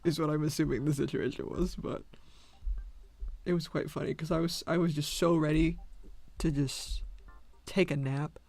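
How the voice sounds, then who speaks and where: Chatty man with a higher voice. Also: steady tone, moderate pace, vocal fry, pauses often, darkish tone, no room sound, faint music behind. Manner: rambling storytelling, laughs often. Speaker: livestreamer. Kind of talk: casual chat while drawing.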